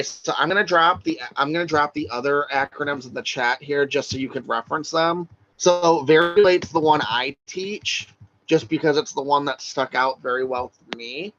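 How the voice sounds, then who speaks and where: A man of middling pitch leads a recorded online class in a loose, chatty way, checking in with his listeners as he goes. The sound is a bit dull and lo-fi, like a computer mic on a video call. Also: fairly bright tone, slight background noise. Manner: casual, chatty teaching with frequent "right?" and "like". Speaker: social work exam instructor.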